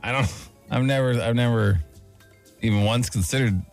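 A man co-hosting a radio show, teasing the others in quick, casual banter. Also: mid-range voice, vocal fry, soft background music.

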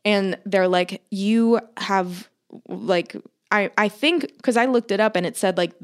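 A woman's voice: medium pitch, unhurried, clean tone. A woman in her thirties, co-hosting a podcast, telling a long story in casual chat and swearing freely. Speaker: podcast co-host.

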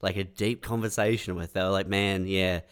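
A man's voice: sits low, fairly even intonation, quick pace. A man co-hosting a casual comedic chat, with a wry, laid-back way of talking and casual swearing.

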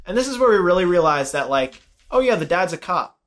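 A young man co-hosting a casual chat, retelling a film's plot with lively delivery and quick imitations of the characters' lines. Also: sits high. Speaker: podcast co-host. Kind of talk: casual movie recap chat.

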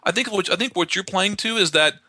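Fast-talking, bright-voiced male investor. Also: high-pitched, no room sound. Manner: fast, animated explainer with frequent restarts. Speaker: real estate investor guest. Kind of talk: conversational podcast interview.

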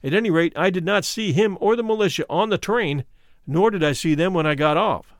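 A man giving a dramatic, expressive reading of a first-person memoir. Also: high-pitched, brisk, no echo, studio quality. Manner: expressive, shifts to stirring emphasis. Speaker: reader.

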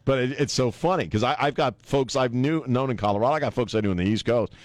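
A man's voice: medium pitch, fast, dry recording. A middle-aged man hosting a talk radio show, rambling and joking in casual banter. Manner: rambling, joking, laughs often.

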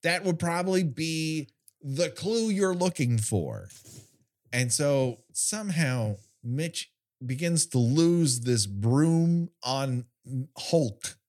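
A man's voice: on the high side, expressive, slow pace, darkish tone. A man hosting a podcast, sarcastically retelling an episode with profane asides. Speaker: podcast host. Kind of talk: casual podcast recap chat.

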